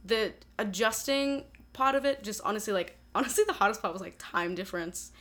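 Bright-voiced young Australian woman. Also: medium pitch, brisk. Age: young adult. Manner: chatty, lots of fillers and laughs. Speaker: guest. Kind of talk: casual chat.

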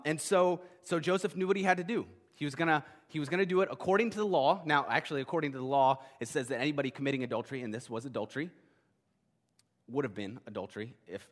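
A man preaching a sermon as pastor, conversational and animated, with many restarts. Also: medium pitch. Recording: long hall reverb.

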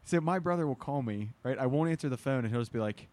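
A man chats casually with friends in a mid-range voice, speaking fast with no echo. He tells stories in a rambling, animated way and mimics other people's voices.

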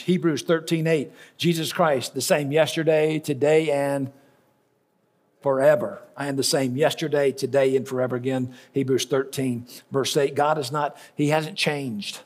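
A man's voice: on the high side, steady tone, normal speed. A middle-aged male pastor giving a folksy sermon, telling stories and repeating lines for emphasis. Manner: folksy storytelling preacher with repetitions for emphasis.

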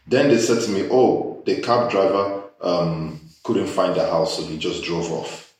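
A man hosting a casual chat, animated and joking as he tells stories with disbelief. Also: deep voice, a little slow. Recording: echoey room, mic far off.

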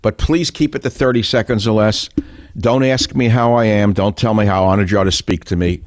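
A man's voice: fairly low pitch, steady tone, a little fast, dry recording. An older man hosting a political talk radio show, combative and sarcastic, firing off rhetorical questions.

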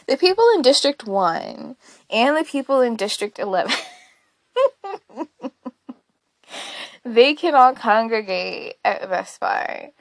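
A woman's voice: fairly high pitch, expressive, slow pace, gravelly, pauses often, dry recording. A woman hosting a casual solo podcast, talking candidly and rambling, often laughing and swearing along the way. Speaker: podcast host.

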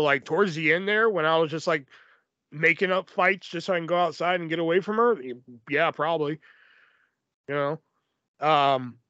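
A man's voice: a little high, bright, forceful tone, no echo. A man hosting a podcast, telling stories in casual chat, rambling and swearing with lots of fillers. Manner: profane, rambling, filler-heavy. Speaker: podcast host. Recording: dull lo-fi, dry.

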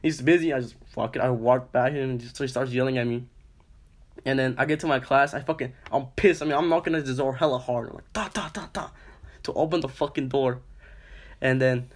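A man's voice: medium pitch, brisk. Young man ranting profanely. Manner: profane, animated storytelling with lots of "I was like". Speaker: podcast co-host. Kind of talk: casual chat, storytelling.

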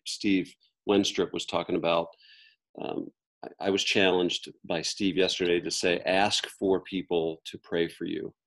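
A man leading a morning group call who answers with soft, affirming remarks and then hands out the next items. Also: low voice. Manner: affirming, with soft short responses. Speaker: call leader.

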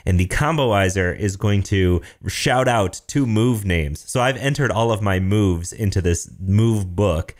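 A man in his thirties co-hosting a podcast, telling a story in a relaxed, enthusiastic way. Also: fairly low pitch, a little slow, hardly any pauses. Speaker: podcast co-host. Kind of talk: casual tech chat.

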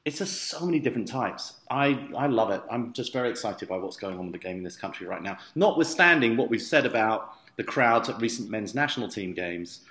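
A man's voice: on the low side, expressive, brisk, hardly any pauses, a bit bright, reverberant. A man co-hosting a podcast, teasing his partner in playful, casual banter. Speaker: podcast co-host. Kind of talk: casual chat.

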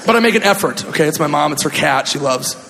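A male stand-up comedian from Minnesota, telling a story in an animated, exaggerated way with sudden shouts. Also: on the high side, fast talker, vocal fry. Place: comedy club stage. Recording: echoey club, audience laughter and noise.

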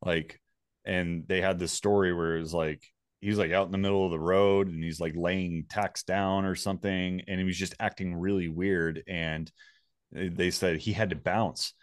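A man's voice: deep voice, steady tone, moderate pace, no room sound, studio quality. A man casually telling a personal story, rambling and swearing freely.

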